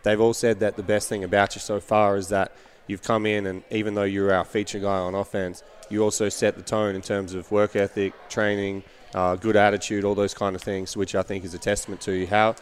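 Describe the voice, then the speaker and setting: A man's voice: lowish voice, flat delivery, fairly quick, hardly any pauses. A man hosting a casual podcast interview, asking long rambling questions and teasing his guest. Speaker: podcast host.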